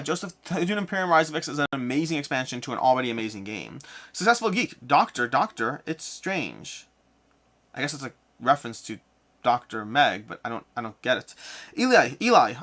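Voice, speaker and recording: Fast, bright-voiced man chatting live. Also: medium pitch. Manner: chatty, thinks out loud, repeats and corrects himself. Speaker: board game content creator hosting a live Q&A. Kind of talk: casual live-stream Q&A, reading chat questions aloud.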